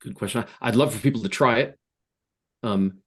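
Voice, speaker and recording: A man's voice: mid-range voice, a little fast, breathy edge. A man speaking as a guest in a casual interview over a video call from his home office, hesitant with frequent restarts. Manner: hesitant, many restarts and fillers. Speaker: app founder guest.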